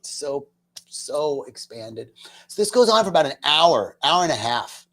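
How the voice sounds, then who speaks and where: Speaking at a measured pace in a fairly high, very animated voice, a male spiritual talk host tells a personal spiritual story with earnest emotion. He's relaxed and talkative, tosses in self-deprecating remarks, and alternates near-whispered stretches with loud ones.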